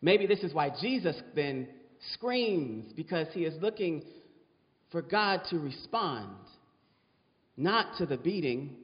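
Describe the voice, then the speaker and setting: Slow, lively-pitched preacher man. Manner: dramatic preaching, repeats words for effect. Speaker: pastor. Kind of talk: sermon. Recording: dull sound with long hall reverb.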